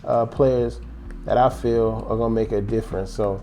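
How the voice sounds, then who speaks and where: Faint music accompanies a sports vlog host whose lowish voice moves at normal speed as he rambles and jokes through a casual basketball fan show. His banter is animated throughout.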